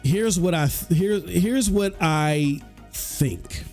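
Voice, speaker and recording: A man's voice: high voice, takes it slowly, a little mellow, soft background music. A man in casual chat who mostly listens with short agreements, then gives his own take. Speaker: podcast host.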